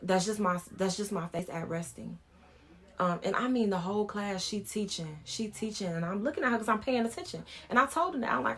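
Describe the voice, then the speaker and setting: A woman's voice: medium pitch, a little fast, fairly bright tone. A woman in her thirties, a vlogger, telling a personal story in a frank, informal way as she talks things through.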